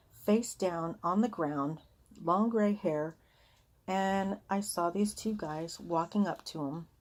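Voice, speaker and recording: A woman with a somewhat low voice tells a personal story to her friends. She talks casually and earnestly, drifting into little re-enactments of what was said. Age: adult with children. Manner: chatty, earnest, re-enacts heated arguments. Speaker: vlogger sharing a personal vision.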